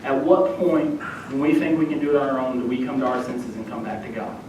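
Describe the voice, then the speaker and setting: With a darkish tone, little pitch movement and a fairly quick pace, a young youth minister preaches and recounts a personal story, imitating the voices he quotes. The setting is a church sanctuary; the distant mic picks up hall echo and a faint rumble.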